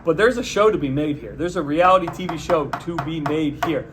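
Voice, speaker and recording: A man's voice: brisk, background noise. Sarcastic man ranting solo. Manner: sarcastic, mocking, deadpan pitching. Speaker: podcast host. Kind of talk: solo comedic political rant.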